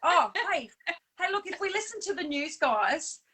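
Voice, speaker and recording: A woman with a high, bright voice hosts a casual live stream over a call. She talks animatedly and laughs often. Fillers and restarts run through her speech. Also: big pitch swings, normal speed, low-quality recording. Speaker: stand-in host of a live show. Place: on Bribie Island.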